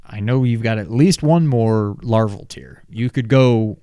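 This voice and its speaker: A man co-hosting a podcast, calmly giving game advice in casual chat. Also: on the low side, a little slow, smooth, no echo, studio quality. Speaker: podcast co-host.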